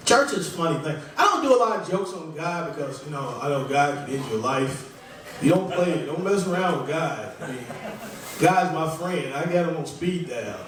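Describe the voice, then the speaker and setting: A man's voice: a little high, animated, normal speed, a bit bright. A man doing a stand-up comedy set in a small club, rambling and conversational, poking fun at himself. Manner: rambling, conversational, self-deprecating. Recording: echoey room, voice from far off.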